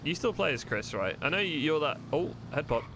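A man's voice: fairly high pitch, sing-song, brisk, noisy background. A man streaming a roleplay game live from home, chatting to viewers in a loose, rambling way, swearing freely and thinking aloud as he plays.

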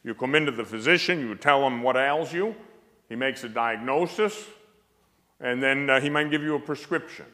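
A man's voice: mid-range voice, normal speed, sharp tone. A man speaking as a priest giving a spiritual lecture, emphatic and anecdotal with dry humor. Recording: long hall reverb.

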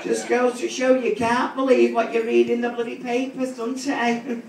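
This man's voice is very high, with vocal fry, a completely flat delivery and a moderate pace, plus a slight hiss or hum on the audio. He's a drag comic doing bawdy crowd work from a big theatre stage, ribbing people with crude, brash jokes, captured in a distant, echoey recording as the audience laughs.

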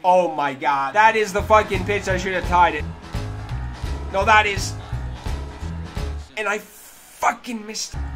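A high-voiced man commentates his own gameplay, swearing constantly and flipping between grumbling under his breath and shouting at the screen. Game music plays clearly beneath his voice throughout. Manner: profane, swings between muttering and yelling at the game. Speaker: gaming video creator.

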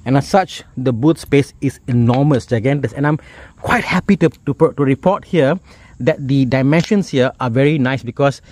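A man's voice: mid-range voice, moderate pace, a little mellow, no room sound. A middle-aged man with a Malaysian English accent, chatting enthusiastically through a car walkaround with lots of exclamations. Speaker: car reviewer.

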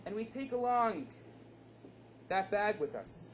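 A man's voice: sits high, very animated, slow, a little hiss or hum. Man telling a story in a lecture. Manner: dramatic storyteller, acts out dialogue. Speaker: rabbi.

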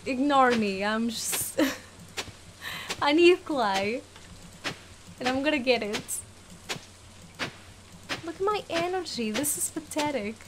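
A young woman with a high-pitched, fairly bright voice plays a game and comments casually, giggling often. She gets playfully exasperated and talks to the game's characters. A little hiss or hum sits in the recording.

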